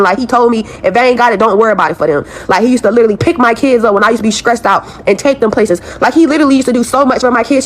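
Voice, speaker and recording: A young woman venting a profane, exasperated rant to her followers, repeating herself as she talks about her struggles. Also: fairly high pitch. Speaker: woman in a viral video clip.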